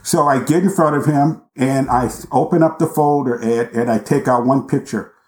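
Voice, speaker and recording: Male guest, intense deliberate storyteller, mid-pitched, recorded in an echoey room. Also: a little mellow. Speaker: podcast guest. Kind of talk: storytelling in an interview. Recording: roomy echo.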